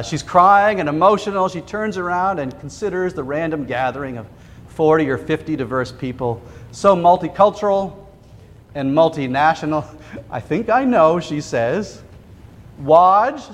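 A male pastor tells a story from the pulpit, acting out quoted lines and pausing for effect. His voice sits a little high for a man. A long church reverb trails after each phrase. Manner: vivid retelling with quoted voices and dramatic pauses. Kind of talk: sermon storytelling. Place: church sanctuary.

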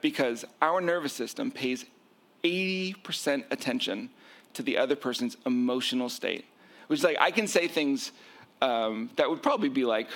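A middle-aged man, a marriage therapist, explaining relationships in an animated way and acting out quoted arguments. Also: medium pitch. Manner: acts out quoted arguments, self-described nerding out.

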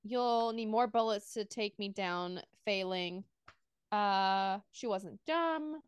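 Excitable chatty young woman, smooth dry voice. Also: medium pitch, slow, no echo. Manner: rambling, excitable, lots of fillers. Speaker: book club podcast co-host. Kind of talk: casual chat, reading book passages aloud.

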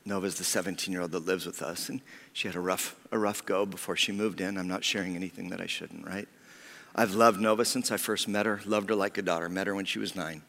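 Heartfelt pastor with a lowish voice in a reverberant church. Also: male voice, fairly even intonation, fast, creaky. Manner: heartfelt, often dropping to a hushed whisper. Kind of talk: sermon. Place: church sanctuary. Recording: long reverb of a church hall.

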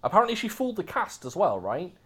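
A man chatting casually as a podcast host, lively and joking about himself. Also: sits high, quick pace, background noise. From Wales. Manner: lively, joking, self-mocking. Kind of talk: casual chat.

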